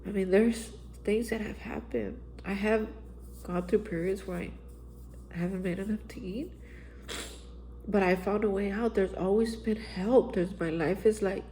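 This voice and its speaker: A woman's voice: medium pitch, steady tone, a little slow, dark tone, slight background noise, low-quality recording. Earnest woman telling a recovery story. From Texas. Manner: earnest storytelling, often acting out its own past lines. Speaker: host of a daily reflection channel. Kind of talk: personal recovery testimony.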